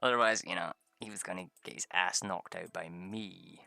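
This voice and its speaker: A man's voice: deep voice, moderate pace, creaky, bright, forceful tone, dry recording. A man telling a rambling story about a tabletop game session, swearing often and laughing a lot. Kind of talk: casual storytelling.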